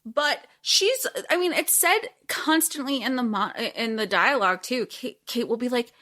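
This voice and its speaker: A young woman co-hosting a podcast, chatting casually and animatedly, acting out characters' lines as she retells a story. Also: moderate pace. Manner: animated, quotes characters with big pitch jumps. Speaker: podcast co-host. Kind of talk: casual fan discussion.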